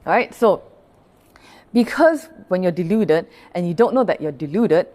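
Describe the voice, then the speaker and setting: A woman pastor with a lowish, mellow voice gives a livestreamed Buddhist dharma talk at normal speed, sounding animated. She explains things patiently, often checks in with her listeners, and greets live viewers by name between points.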